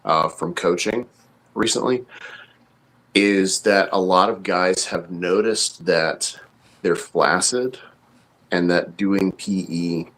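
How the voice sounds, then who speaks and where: A man's voice: deep voice, fairly bright tone, rough recording. A man co-hosting a podcast as a coach, explaining things in casual chat with frequent fillers and restarts. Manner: thoughtful, explains at length with many fillers and restarts.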